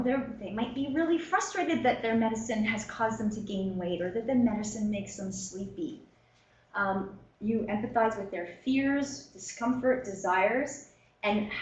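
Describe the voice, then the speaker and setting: A woman teaching a professional workshop in a relaxed, conversational way, with many fillers and short acted-out exchanges. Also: a little high, roomy sound, rough recording. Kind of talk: lecture to a professional audience. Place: meeting room.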